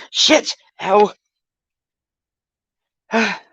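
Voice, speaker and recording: A woman's voice: mid-range voice, extremely slow, fairly bright tone, slightly rough, no echo. A woman talking casually to her stream viewers while in pain, groaning and swearing often as she moves around. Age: older. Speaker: vlogger. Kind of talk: casual live-stream chat.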